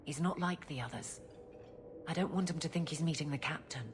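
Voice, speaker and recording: A woman's voice: sits low, fairly quick, slight background noise, lightly acted. An actress playing a stern female guard captain who speaks bluntly but grows flustered about romance. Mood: earnest. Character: stern woman guard captain, awkward in love.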